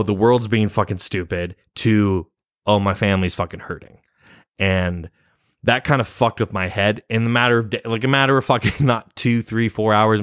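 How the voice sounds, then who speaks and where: Young adult male vlogger, rambling and profane, low-pitched, dry recording. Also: fairly bright tone, no echo. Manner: rambling, heavy cursing, nervous laughs. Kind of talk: casual personal story.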